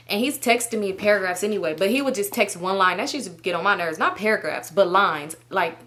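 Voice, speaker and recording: A woman's voice: mid-range voice, fast talker, hardly any pauses, fairly bright tone. A woman in her twenties telling a storytime, casual and laughing, with plenty of swearing. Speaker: YouTuber. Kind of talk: storytime vlog.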